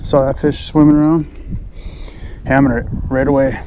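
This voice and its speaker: A man on a boat, chatting excitedly to the camera as he fishes. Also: medium pitch, normal speed. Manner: excited, chatty, talks to himself while fishing. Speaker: fishing vlogger. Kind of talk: casual outdoor narration. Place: outdoors on a boat on a lake. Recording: outdoor noise, wind on the mic.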